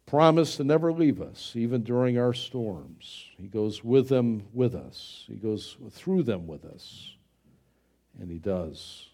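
A man's voice: medium pitch, mellow. A man preaching a sermon, telling a childhood story and asking earnest rhetorical questions. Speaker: pastor.

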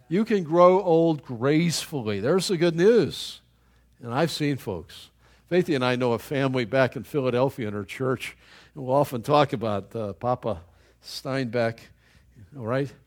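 An older man preaching a sermon as pastor, animated, with chatty asides to the congregation and frequent repeated words. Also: medium pitch.

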